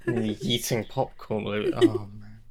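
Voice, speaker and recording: A man chatting casually as a podcast co-host, rambling and animated, jumping high when quoting his own thoughts. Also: measured pace, a loud crowd. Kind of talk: casual chat.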